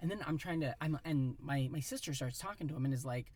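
A man in his thirties from Iowa, telling a rambling, animated story in a casual chat. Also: a little high, quick pace, breathy edge, no echo. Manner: animated, rambling, acts out voices in quotes.

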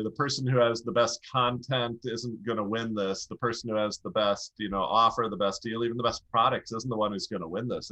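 A man speaking as a presentation coach, animated and explaining with lively shifts in pace and loudness. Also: on the low side. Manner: demonstrates pace and volume changes, animated. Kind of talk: energetic coaching talk.

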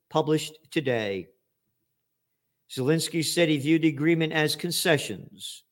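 A male commentator in the middle of a political rant, with a voice sitting a little high for a man. He talks with biting sarcasm and heavy profanity. His delivery climbs into angry shouts.

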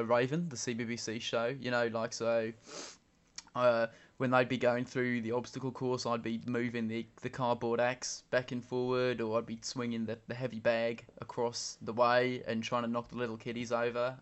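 A man's voice: medium pitch, fairly bright tone, smooth, lightly acted. A man playing a rambling ex-stagehand. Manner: rambling, halting, frank. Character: washed-up male kids' TV set worker, blunt and gossipy. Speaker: phone-in guest. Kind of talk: improvised comedy phone call.

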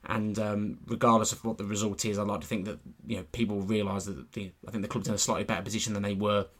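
Low-voiced man chatting football. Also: flat delivery, quick pace, a bit bright. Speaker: football podcast co-host and reporter. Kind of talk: casual podcast chat.

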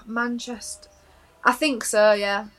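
A woman's voice: fairly high pitch, little pitch movement, slow pace, a bit bright. A woman co-hosting a podcast in casual chat, giggly and often restarting her sentences. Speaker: podcast co-host.

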